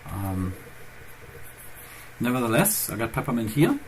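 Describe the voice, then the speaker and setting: A man's voice: medium pitch, very animated, unhurried, poor audio. Guy rambling casually to his viewers at his computer, bit of faint noise behind. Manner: rambling, chatty, thinking aloud. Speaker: channel host. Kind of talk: casual chat.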